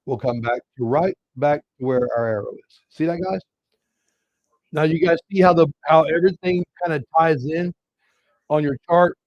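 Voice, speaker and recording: A man's voice: on the high side, no echo. Male live-trading host, casual and chatty, keeps calling viewers "guys", dry dull lo-fi sound. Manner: casual, talks to viewers as "guys", walks through chart levels. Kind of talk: live market commentary.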